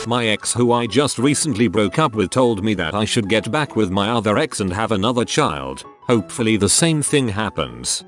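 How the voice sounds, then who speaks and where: A man reading internet stories aloud as a narrator, with an expressive delivery and brief asides of his own. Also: on the low side. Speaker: story narrator.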